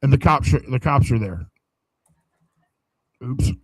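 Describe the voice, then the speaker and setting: A man tells a wild story on a podcast in a loose, profane way and voices each person in it himself. His pitch is middle for a man. The sound is close and dry, with no room echo. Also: slow pace, husky. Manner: profane, animated storyteller acting out quoted dialogue. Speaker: podcast co-host telling a story. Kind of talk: casual storytelling chat.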